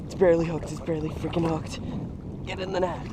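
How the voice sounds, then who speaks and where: A young man in an outdoor fishing vlog, exclaiming as he talks from a kayak on open water, swinging between hushed murmurs and loud outbursts. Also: a little high, flat delivery, fast, background noise. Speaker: fishing vlogger. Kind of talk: excited outdoor vlog commentary.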